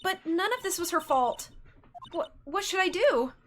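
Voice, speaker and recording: A woman's voice: very high-pitched, animated, normal speed, a bit bright, slight background noise, pitched above the performer's own voice. A woman voicing a worried young spirit-medium girl in an earnest, anxious manner, as a dramatic game reading. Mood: distressed.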